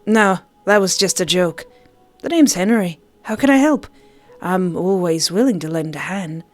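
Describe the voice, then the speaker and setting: A woman's voice: lowish voice, unhurried, soft background music, natural voice. A woman voicing a sarcastic young Irish man at a party, doing an Irish accent with a wry, teasing way of talking. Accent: Irish (put on).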